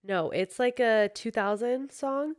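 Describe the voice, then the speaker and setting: A woman's voice: fairly high pitch, unhurried, no echo. A young woman hosting a podcast, bubbly and giggly in casual chat, also reading a sponsor ad, on a studio microphone. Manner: bubbly, giggly, sings snippets. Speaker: podcast host.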